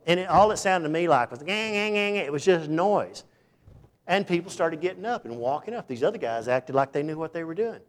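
A man preaching a sermon in a folksy, conversational way, dropping to hushed asides and rising to sudden loud bursts. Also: on the high side, expressive, brisk. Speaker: pastor.

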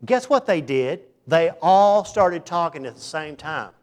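A man preaching a sermon in a folksy, conversational way, dropping to hushed asides and rising to sudden loud bursts. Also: a little high, sing-song, measured pace. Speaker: pastor.

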